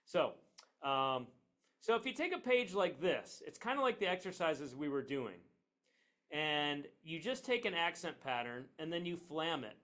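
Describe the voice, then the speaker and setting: A middle-aged man teaching a percussion class in a relaxed, chatty way, with frequent fillers and "okay?" checks. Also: fairly high pitch, unhurried. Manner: relaxed, chatty, with many fillers and tag questions. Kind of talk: classroom lesson. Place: classroom near a train line.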